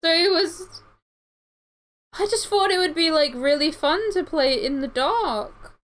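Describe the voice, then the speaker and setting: A woman's voice: very high voice, unhurried, a bit bright, poor audio. A young woman, rambling through a story while livestreaming, with lots of fillers and restarts. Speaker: streamer.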